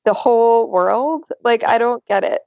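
A woman co-hosting a podcast, chatting loosely with lots of fillers and easy laughs. Her voice has a gravelly, creaky edge, and the recording is dry and a bit dull and lo-fi. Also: fairly high pitch, measured pace, no echo. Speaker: podcast co-host. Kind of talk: casual chat.

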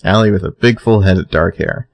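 A man's voice: low-pitched, brisk, gravelly. A man co-hosting a podcast, laid-back and wry as he recaps a TV episode. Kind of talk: casual chat.

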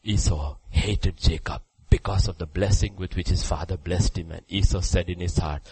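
A man preaching a sermon who swings between hushed, low passages and loud, high exclamations. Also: fairly even intonation, normal speed, hardly any pauses, breathy edge, dry recording, low-quality recording.

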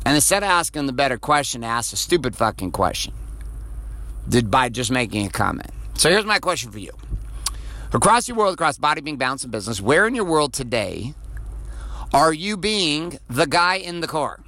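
A man's voice: a little high, sing-song, moderate pace, pushed and bright. A man hosting a motivational podcast. He talks bluntly and profanely, repeats phrases for emphasis and drives his points home with rhetorical questions. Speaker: podcast host.

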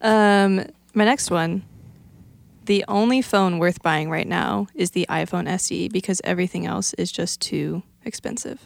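A woman's voice: fairly low pitch, vocal fry. A woman co-hosting a podcast in casual chat, stating her opinions firmly. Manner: firm, quick opinions. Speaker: podcast co-host.

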